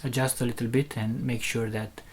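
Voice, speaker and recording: This man's voice is medium-pitched and slightly rough, with little pitch movement and a moderate pace. Demonstrating a loudspeaker driver he built, he explains hesitantly and step by step, with many fillers and restarts, in a casual technical talk.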